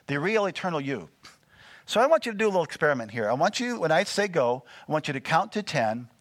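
A man preaching a sermon, animated and full of call-and-response questions to the congregation. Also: fairly high pitch, fast talker, no echo. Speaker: pastor.

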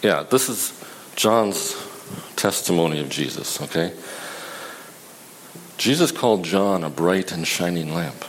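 A man preaching a sermon in a conversational, halting way, often restarting his sentences. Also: low-pitched, animated, slight background noise, rough recording.

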